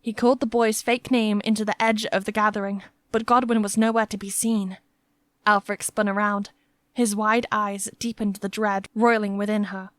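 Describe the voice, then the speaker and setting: A woman narrating a fantasy audiobook in a steady, tense storytelling manner. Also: medium pitch, moderate pace, no echo, clean studio sound. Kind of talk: scripted narration.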